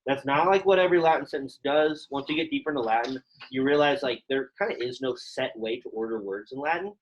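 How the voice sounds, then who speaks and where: A young man leads a Latin lesson in a casual, chatty way. His voice sits at an ordinary middle pitch for a man. He explains grammar loosely, with plenty of fillers. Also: fast talker, lo-fi sound. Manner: chatty and informal, many fillers like "like" and "um". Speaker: Latin teacher. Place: classroom, also teaching online students.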